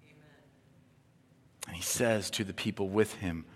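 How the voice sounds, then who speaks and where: A man preaching a sermon as pastor, impassioned, swinging between hushed tones and near-shouting. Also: low-pitched, fairly even intonation, brisk. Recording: long hall reverb.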